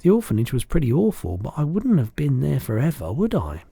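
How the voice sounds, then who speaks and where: A man's voice: medium pitch, wildly swooping pitch, fairly quick, vocal fry, dark tone, husky, no room sound, voice pushed up, heavily acted. A man reading as a plain-spoken orphan girl.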